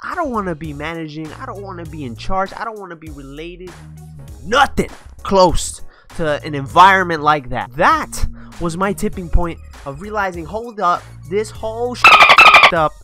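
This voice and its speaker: Young man, vlogger, bright voice, slangy emphatic rant, faint music behind. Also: on the high side, animated, normal speed. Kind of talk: storytime rant.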